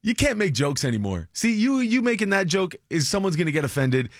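A man's voice: high voice, very animated, fairly quick, no echo, clean studio sound. A man co-hosting a morning radio show, telling stories and joking with his co-host in casual banter.

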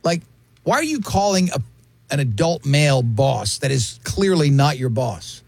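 Lively, husky-voiced male radio host. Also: medium pitch, a little slow, dry recording. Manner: animated, jokey, acts out quoted voices. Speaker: radio talk show host. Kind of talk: casual radio banter.

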